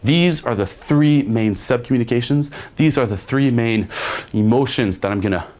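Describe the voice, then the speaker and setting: Speaking at normal speed in a mid-range, darkish voice, a young man gives a casual dating lesson as a dating coach, acting out examples. He frequently asks "okay?" and swears occasionally.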